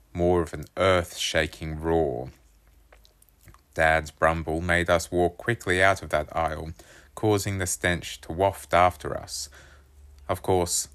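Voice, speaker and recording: A man reading a children's chapter book aloud, telling it in a lively first-person voice. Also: low-pitched. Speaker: storybook reader.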